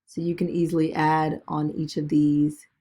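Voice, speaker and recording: A woman with a deep, slightly gravelly voice talks casually through a screen-recorded tutorial. She narrates each click as she goes, peppering it with "okay" and "all right." It sounds like a desk mic at a computer. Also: flat delivery, moderate pace, mellow. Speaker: business video tutor.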